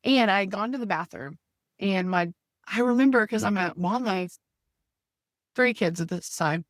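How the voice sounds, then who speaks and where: A woman's voice: mid-range voice, moderate pace, no echo, clean studio sound. A woman in her thirties telling her story as a podcast guest, talking earnestly and filling her speech with "like" and "you know.". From United States. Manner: faith-centered. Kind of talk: conversational storytelling.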